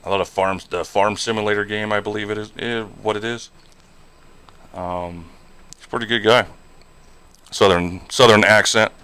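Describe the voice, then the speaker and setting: A man's voice: lowish voice, steady tone, normal speed, long pauses, pushed and bright, clean tone. A man streaming a trucking game and chatting casually, rambling along with lots of fillers and "you know". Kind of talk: casual live-stream chat while gaming.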